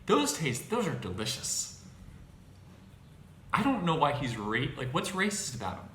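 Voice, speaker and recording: A man hosting his own show, talking in a casual monologue, halting and restarting his phrases with exasperation. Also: mid-range voice, huge pitch swings, fairly bright tone. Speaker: podcast host. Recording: echoey room with faint noise.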